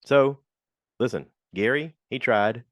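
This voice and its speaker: A man hosting a podcast, telling a frank, animated story in a casual monologue and complaining as he goes. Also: mid-range voice, slow pace, no room sound, clean studio sound. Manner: animated, slips into quoted voices. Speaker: podcast host.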